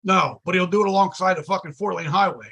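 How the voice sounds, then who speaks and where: Talking fast, this man's voice is high, bright, and gravelly with a slightly husky edge. As a podcast guest he spins a meandering, foul-mouthed story in casual conversation, performing every quoted line with relish.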